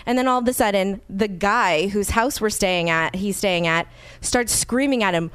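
Smooth-voiced woman telling a story animatedly. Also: medium pitch, normal speed, dry recording. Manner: animated, acts out quoted people, swears freely. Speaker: podcast host. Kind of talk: casual storytelling chat.

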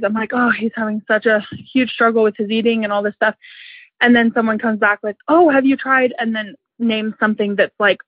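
Caller: woman, fairly high voice, sarcastic venting, phone-line sound. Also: no room sound. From Utah. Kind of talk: casual voicemail.

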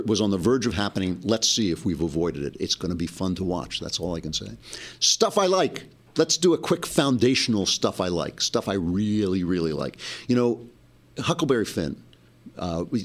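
A man hosting his own show, talking through a monologue in an animated way, often restarting and correcting himself mid-sentence. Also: sits low. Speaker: show host. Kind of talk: monologue commentary.

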